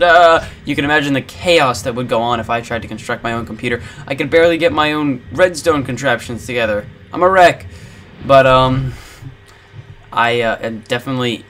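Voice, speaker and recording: A man's voice: mid-range voice, a bit bright, a little hiss or hum. A man hosting a gaming channel, rambling in casual commentary over gameplay with lots of filler words.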